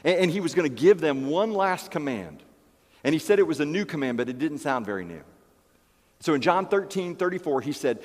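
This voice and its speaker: A male pastor delivers an emphatic sermon and circles back to key phrases. His fairly high voice rings out with a long hall reverb in a church. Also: lively intonation, a little fast.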